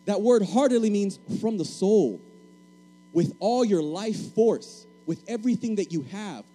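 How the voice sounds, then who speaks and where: A man's voice: high voice, mellow, low-quality recording. A man from Puerto Rico preaching a sermon, emphatic and repeating key phrases, calling for answers from the congregation.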